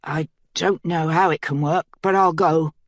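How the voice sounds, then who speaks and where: A weary, heartbroken gate guard speaks in halting, despairing phrases, read by a woman narrator. The voice stays close to her own. The sound is dry and near the mic. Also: low-pitched, steady tone, dry recording.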